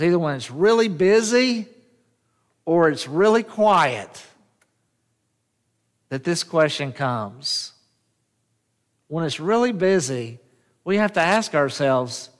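A man's voice: fairly high pitch, very animated, slow pace, long pauses. A man preaching a sermon as pastor, often asking the congregation questions and drawing them in. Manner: call-and-response, asks the congregation questions. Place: church sanctuary. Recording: echoey church hall.

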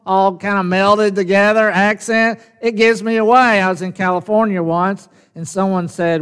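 A man's voice: sits high, fairly even intonation, normal speed, hardly any pauses, fairly bright tone, clear, resonant tone. A man preaching a sermon with a Southern US drawl, folksy and conversational, asking the congregation questions. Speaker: pastor. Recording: long reverb of a large hall.

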